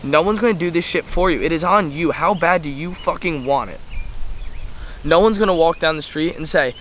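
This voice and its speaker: A man's voice: on the high side, moderate pace, a bit bright, rough recording. A teenage boy outdoors at a playground, giving a blunt, profane motivational rant straight at the viewer. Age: teens. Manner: blunt, profane, fired-up, lectures the viewer directly. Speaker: trading mentor vlogger. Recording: phone recording outdoors with faint background noise.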